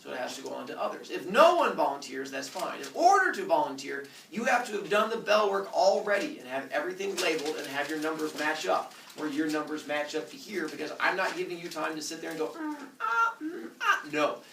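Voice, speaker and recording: Male teacher, playful and teasing, gravelly bright voice, echoey classroom, far from the mic. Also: on the high side, expressive, quick pace, few pauses, slight background noise. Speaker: middle school teacher.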